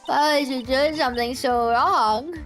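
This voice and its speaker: A woman's voice: sits high, unhurried, fairly bright tone, faint music behind. A woman voicing an earnest young male defense lawyer, asking shocked, accusing questions.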